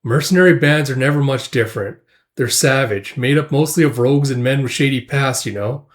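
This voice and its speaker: A man's voice: mid-range voice, a little fast, close to an everyday voice. Man voicing a casual, friendly young male soldier. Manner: chatty and casual.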